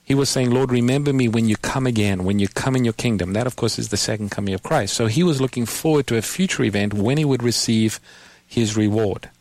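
A man hosts a call-in Bible program, walking a caller through scripture step by step. His voice sits at an ordinary pitch and reaches the listener dry and close, with no room around it. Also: a little fast, darkish tone, dry recording. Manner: patient, explanatory, quotes scripture. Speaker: radio Bible program host. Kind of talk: call-in radio Bible answers.

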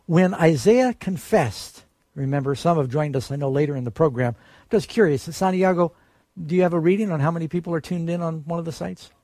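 Earnest preaching man, husky voice. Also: a little high, brisk, warm tone, dry recording. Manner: earnest, rising emphasis on quoted promises. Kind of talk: sermon.

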